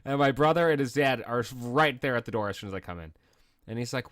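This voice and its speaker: A man's voice: mid-range voice, expressive, fast, fairly bright tone, smooth, no room sound, studio quality. A male streamer telling stories to friends in casual, profane chat, acting out other people's lines. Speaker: streamer host.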